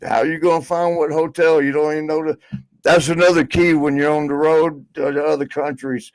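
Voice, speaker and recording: A man's voice: a little high, flat delivery, fairly quick, no room sound, low-quality recording. Man guest, loose rambling storyteller, dry close sound. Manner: rambling, lots of fillers and laughs. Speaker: podcast guest. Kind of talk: casual storytelling.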